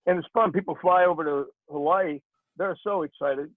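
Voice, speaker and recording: Older man, comedian guest, jokey storyteller, high voice for a man, phone-like sound. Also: moderate pace, no echo. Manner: jokey, breaks into put-on voices. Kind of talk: storytelling in a casual interview. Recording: tinny phone-like line.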